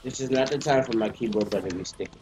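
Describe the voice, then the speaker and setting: A man's voice: medium pitch, racing, noisy background. A young man in casual gaming voice chat, bickering and swearing offhandedly. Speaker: gamer on voice chat.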